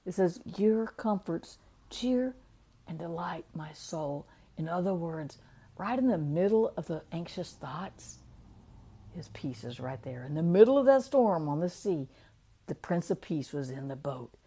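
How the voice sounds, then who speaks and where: Chatty woman with a warm, mellow voice. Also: sits low, big pitch swings, slightly rough. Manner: chatty, laughs often, reads verses slowly. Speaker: devotional speaker. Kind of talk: casual devotional talk.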